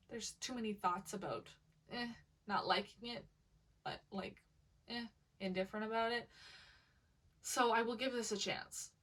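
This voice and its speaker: A woman's voice: mid-range voice, distant mic, rough recording. Gushing, chatty woman book vlogger. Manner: gushing, excitable, chatty with lots of fillers. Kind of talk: casual chat to camera.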